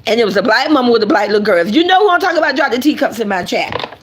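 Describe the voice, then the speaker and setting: A woman with a high-pitched voice giving casual commentary to her online audience. She is animated and emphatic and keeps addressing her viewers directly. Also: fast. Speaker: online content creator.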